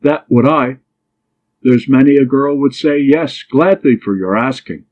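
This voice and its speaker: In an audiobook, a man with a medium-pitched voice gives a light, unhurried performance as a bold young woman in love, sounding pert, mischievous, and pleading. The recording is dull and lo-fi.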